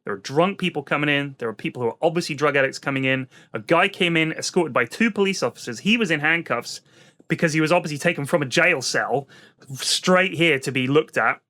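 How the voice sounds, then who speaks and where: A man's voice: fairly high pitch, fairly quick. A British man, a parent, telling a long exasperated story on a comedy podcast. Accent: British English. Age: adult parent. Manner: animated, exasperated storytelling with swearing. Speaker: podcast co-host.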